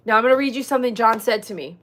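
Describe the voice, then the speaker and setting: Chatty Texan woman livestreaming. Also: a little high. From Texas. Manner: chatty, reads out chat, jokes and laughs. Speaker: dog groomer hosting a livestream. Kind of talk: casual livestream chat with viewers.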